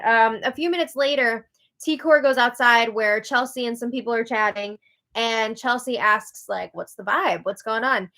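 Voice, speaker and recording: A woman with a slightly high voice hosts a casual live recap, talking straight to her viewers. She runs through the events in a chatty, loose way and fills her sentences with "like". Her delivery is relaxed and conversational. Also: normal speed. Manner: chatty, with frequent "like". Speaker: show recap host.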